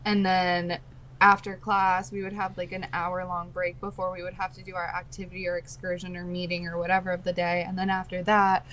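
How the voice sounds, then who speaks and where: A woman's voice: lowish voice, a little fast, slight background noise, poor audio. Chatty twenty-something woman, casual swearing. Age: 20s. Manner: expressive, swears casually, calls people "babes". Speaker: podcast co-host. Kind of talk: casual chat.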